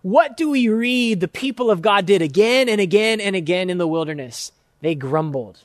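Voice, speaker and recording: A high-pitched male pastor delivers a sermon, earnest and emphatic. He stretches out key words and builds his points through repetition. The sound is dry and close, with no room echo. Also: expressive, normal speed.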